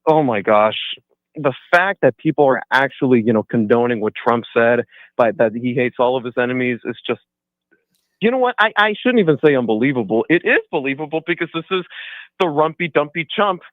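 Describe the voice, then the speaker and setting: A man's voice: medium pitch, animated, a little fast, no echo. Man, radio caller, from Arizona, exasperated, dull muffled phone line. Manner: exasperated, agreeing. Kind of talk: call-in radio chat.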